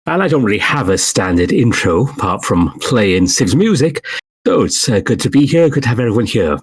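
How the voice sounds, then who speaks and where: A man guest on a podcast roundtable, speaking in a relaxed, rambling way. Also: medium pitch, a little fast, husky. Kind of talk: casual roundtable chat.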